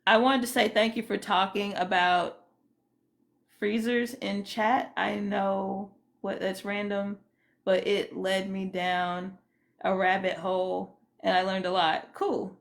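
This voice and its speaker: A woman's voice: medium pitch, level tone, slow, gravelly. A woman hosting a casual livestream, chatting loosely and greeting viewers by name. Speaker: livestream host.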